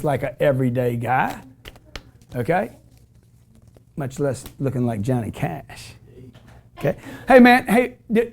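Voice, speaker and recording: A man's voice: sits high, darkish tone. A middle-aged man hosting a call-in show, preaching about money in a brash, emphatic, repetitive way. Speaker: show host. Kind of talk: motivational call-in show talk.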